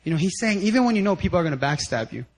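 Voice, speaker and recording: A young male pastor with a high, light voice preaches to his congregation. He tells the story in an animated, conversational way and laughs easily between points. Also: rapid-fire. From United States. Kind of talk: sermon.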